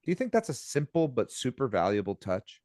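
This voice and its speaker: A man's voice: medium pitch, huge pitch swings, fairly quick, darkish tone, no echo, clean studio sound. A man co-hosting a business podcast, talking bluntly and emphatically and swearing casually.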